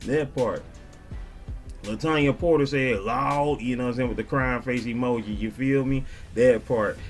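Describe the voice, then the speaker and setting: A man vlogging casually, shouting out viewers and reading their comments in a slangy, laid-back way. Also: medium pitch. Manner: slangy and laid-back, peppered with "you dig". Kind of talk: casual chat.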